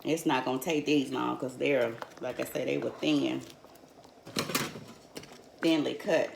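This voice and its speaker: Gravelly low-voiced older woman. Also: fairly even intonation, a little slow, noisy background. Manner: folksy, chatty, calls viewers honey and y'all. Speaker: home cook host. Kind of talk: casual cooking demonstration. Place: home kitchen. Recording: echoey kitchen with cookware clatter.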